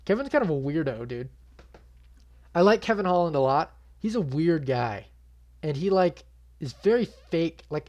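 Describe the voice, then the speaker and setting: A man's voice: a little high, a little mellow. A young man hosting his own channel, giving a casual reaction recap with blunt, swearing, exasperated commentary. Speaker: MMA channel host.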